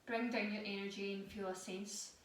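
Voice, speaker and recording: A woman guides a yoga session in calm, unhurried cues. Her voice sits a little back from the microphone and rings in a very echoey room, with a faint hiss underneath. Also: medium pitch. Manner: calm, slow guiding cues. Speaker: yoga instructor. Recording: echoey room, voice a bit far from mic.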